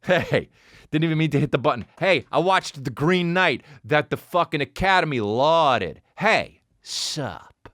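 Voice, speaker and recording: A man hosting his own comedy podcast, telling a rambling, swearing story in a solo rant that swings from shouted highs to low mutters. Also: animated, measured pace, no echo, studio quality. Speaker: podcast host.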